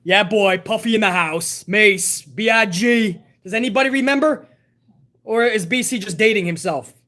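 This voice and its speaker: A man with a high, sharp-toned voice hosts a live stream at a moderate pace. He banters in a laid-back, profane way and responds to messages from viewers.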